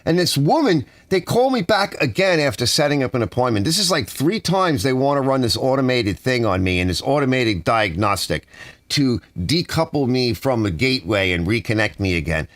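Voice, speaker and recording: Man, from the US, ranting, exasperated, lively swings in pitch, dry studio sound. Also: moderate pace, dry recording. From United States. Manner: exasperated, animated complaining with softened swearing. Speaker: channel host. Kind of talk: ranting casual monologue. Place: home garage studio.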